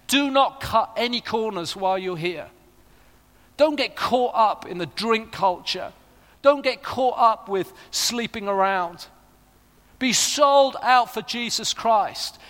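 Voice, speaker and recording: A man's voice: high-pitched, fairly bright tone. A middle-aged man preaching a sermon, earnest and rising to fervent appeals. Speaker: pastor. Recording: long reverb of a large hall.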